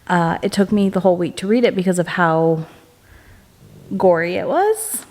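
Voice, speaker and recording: A woman's voice: on the low side, moderate pace. Young woman, book vlogger, chatty, upbeat, filler words, casual home vlog. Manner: hushed late-night whisper. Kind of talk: casual reading vlog chat.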